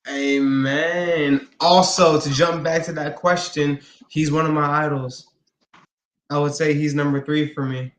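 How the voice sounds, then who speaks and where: A man's voice: a little high, little pitch movement, unhurried. A man being interviewed as a guest wrestler, talking casually, earnest and enthusiastic. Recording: roomy echo.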